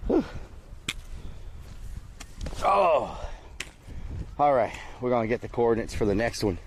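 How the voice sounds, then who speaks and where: A man's voice: on the low side, slight background noise. A man streaming live outdoors near water, chatting casually with his viewers.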